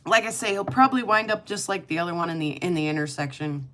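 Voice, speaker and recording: A woman's voice: lowish voice, fast, a bit bright, slight background noise. A middle-aged woman hosting a casual livestream chat, rambling and laughing often as she talks. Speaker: livestream host.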